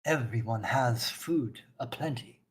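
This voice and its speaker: A man voicing a stern, suspicious woman warrior in a tabletop game, with solemn measured speech and a shifting put-on accent. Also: mid-range voice, crowd noise, close to an everyday voice, poor audio.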